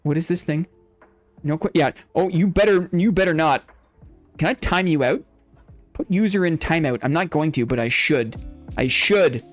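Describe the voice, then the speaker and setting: A man's voice: on the high side, moderate pace, soft background music. A man hosting a live game stream, playfully teasing his chat and calling in-game fights like an announcer. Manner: builds hype like a fight announcer.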